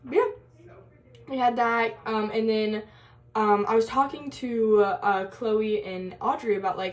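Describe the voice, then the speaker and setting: A young woman telling a story in a casual college vlog, chatty and giggly, full of fillers and quoted asides. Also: mid-range voice. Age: young adult. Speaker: college vlogger.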